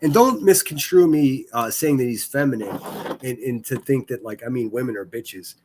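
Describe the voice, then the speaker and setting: A man's voice: medium pitch, normal speed, darkish tone, slight background noise. A man chatting casually on a live stream, rambling and swearing, full of fillers and restarts. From Pittsburgh area.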